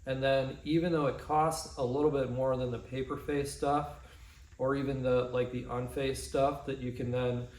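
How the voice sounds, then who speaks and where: A man's voice: mid-range voice, moderate pace. Casual man showing his barn work. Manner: relaxed, rambling, with frequent ums and restarts. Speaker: DIY vlogger. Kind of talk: casual walkthrough narration. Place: pole barn workshop.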